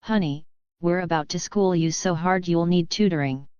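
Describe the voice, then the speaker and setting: A woman's voice: on the low side, moderate pace, a little mellow, smooth, dry recording, highs cut off, lightly acted. A woman voicing a brash, sassy teenage girl.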